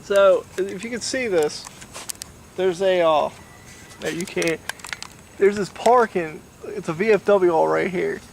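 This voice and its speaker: Young man, drunk and rambling, profane; high voice, distant mic. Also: measured pace, creaky, long pauses. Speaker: storyteller. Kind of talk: casual storytelling to camera. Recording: distant mic, faint noise.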